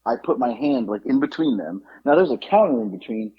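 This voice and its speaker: Animated storytelling man, husky and mellow. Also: mid-range voice, fairly quick, highs cut off. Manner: animated, acts out the people in his story. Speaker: podcast co-host. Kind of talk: casual storytelling.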